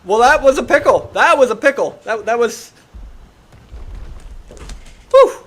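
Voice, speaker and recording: A man's voice: extremely high pitch, animated, a little slow. A man livestreaming a game, talking casually and frantically urging and exclaiming as he plays. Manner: casual, says "dude" and "bro". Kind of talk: live gameplay commentary.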